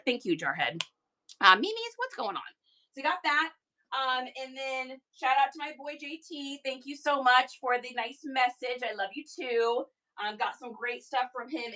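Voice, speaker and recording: Chatty bright-voiced woman livestream host. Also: fairly high pitch, low-quality recording. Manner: chatty and animated, quick asides to viewers. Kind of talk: casual storytelling to a live chat.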